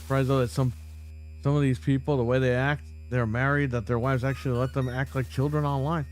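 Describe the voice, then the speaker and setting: Man, livestream host, heated profane rant, mid-pitched voice, faint background music. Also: level tone, fairly quick. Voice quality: profane, blunt. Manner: heated, ranting, mocking. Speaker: podcast host.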